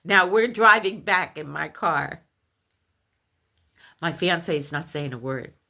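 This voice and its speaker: A woman recounting a personal paranormal experience, animated and halting, with many restarts when shaken. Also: gravelly. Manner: animated storytelling, acts out others' voices in high shrieks. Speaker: storyteller.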